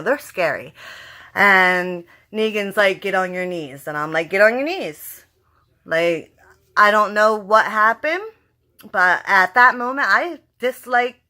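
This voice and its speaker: A woman giving a casual, rambling episode review in a vlog, talking excitedly and swearing freely. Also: medium pitch. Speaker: TV show reviewer.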